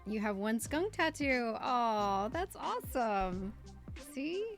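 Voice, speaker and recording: Slow-talking chatty woman streamer. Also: on the high side, expressive, soft background music. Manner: chatty, rambling, easily amused. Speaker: livestream host doing crafts. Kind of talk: casual chat while crafting, reading viewer comments.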